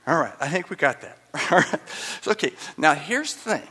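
A man preaching a sermon as a pastor in a church sanctuary, animated, repeating key phrases for emphasis and chuckling as he goes. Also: on the high side, moderate pace, slightly rough. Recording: long hall reverb.

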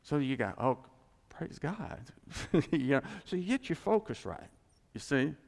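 A male pastor preaching a sermon in a church, animated and joking, often acting out voices in his teaching. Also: medium pitch, a little slow, gravelly. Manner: animated, jokey, acts out God's voice. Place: church sanctuary. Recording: long hall reverb.

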